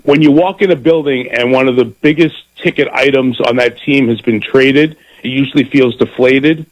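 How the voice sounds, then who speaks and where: Pria penyiar olahraga yang bersemangat. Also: male voice, mid-range voice, normal speed, dull audio. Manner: animated, repeats words when starting a thought. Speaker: football broadcaster as radio guest. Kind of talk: casual radio interview.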